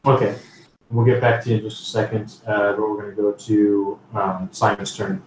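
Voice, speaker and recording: A man's voice: fairly low pitch, flat delivery, moderate pace. A man narrating as game master of a tabletop game, rambling with many fillers. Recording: roomy, distant mic, faint noise.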